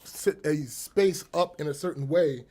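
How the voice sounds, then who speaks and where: A man co-hosting a casual live chat show, animated and laughing often, with a slightly husky voice. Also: a little high, measured pace. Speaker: podcast co-host.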